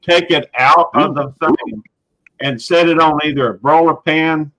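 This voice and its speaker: A man's voice: a little high, fairly even intonation, unhurried, fairly bright tone, no room sound, low-quality recording. A man with a Southern accent from Mississippi, talking casually as a guest in a group chat in an easygoing, folksy way.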